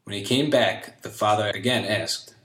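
Measured male storyteller in an echoey room. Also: on the low side, a bit bright. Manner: measured, old-fashioned fairy-tale diction. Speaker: narrator. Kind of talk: storybook reading.

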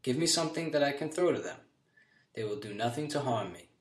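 A mild, fearless young son, voiced by a male narrator. His speech is soft and plain, in a middle pitch, heard in a roomy, echoing space. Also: expressive, a little fast, natural voice. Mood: calm.

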